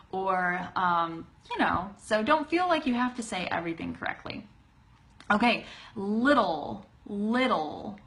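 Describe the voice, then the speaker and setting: A young woman teaching a live online English pronunciation lesson, chatty and laughing often, slowly modelling words on a webcam. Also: mid-range voice, a bit bright.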